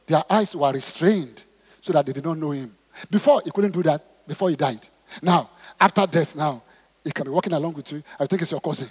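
A man preaching a sermon, reading scripture and calling on the congregation to respond, swinging between loud exclamations and soft asides. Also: high-pitched, slightly rough. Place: church auditorium. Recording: long hall reverb in church auditorium.

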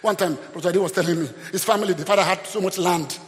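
High-voiced preacher man in a reverberant church. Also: fast talker. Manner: animated, shouting peaks, acts out Bible characters. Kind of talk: sermon. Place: church hall. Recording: long hall reverb.

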